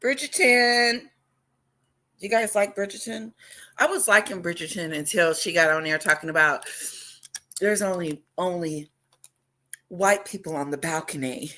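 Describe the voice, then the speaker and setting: A woman hosting a casual livestream chat, talking loudly and excitedly and greeting viewers by name. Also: on the low side, a little slow, pauses often. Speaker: livestream host.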